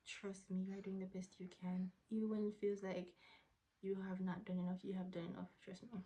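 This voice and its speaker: A young woman, answering viewer questions in a candid, casual vlog, sometimes dropping into a soft whisper. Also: mid-range voice, little pitch movement, moderate pace, rough recording. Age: young adult. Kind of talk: casual Q&A to camera.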